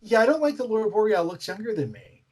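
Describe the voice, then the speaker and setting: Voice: medium pitch, sing-song, fast talker, darkish tone. A podcast co-host chatting casually about a TV episode, agreeing often and animatedly retelling scenes. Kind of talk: casual fan discussion.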